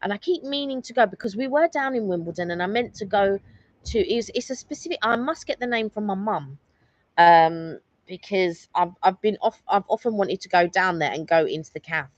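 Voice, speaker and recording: A woman's voice: medium pitch, expressive, brisk, no room sound, dull audio. A woman co-hosting a live stream, chatting casually and teasing her partner.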